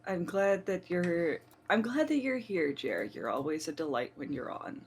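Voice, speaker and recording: A woman's voice: fairly low pitch, moderate pace, a little hiss or hum. Chatty woman podcast co-host. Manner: relaxed, chatty, prone to swearing. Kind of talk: casual podcast chat.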